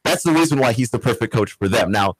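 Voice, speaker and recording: A man co-hosting a sports radio show, giving measured opinions in casual chat. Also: mid-range voice, animated, noisy background.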